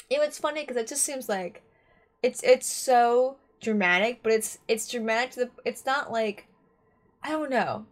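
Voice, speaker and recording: A woman's voice: a little high, moderate pace. A woman giving casual reaction commentary on an anime, talking in a rambling, chatty way with lots of restarts.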